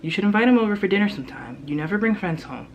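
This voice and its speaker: Fussy small-town mom from a storybook reading, a bit higher and pushy, guy reading her. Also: lively intonation, racing, a little hiss or hum. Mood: prodding. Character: small-town mother, middle-aged, fretful.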